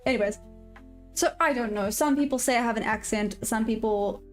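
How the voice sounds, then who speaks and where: A chatty woman hosts a day-trading livestream, reading viewer comments aloud in a casual, upbeat way. Her voice sits fairly high, and she laughs often. Soft music plays faintly behind her. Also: normal speed. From South Africa.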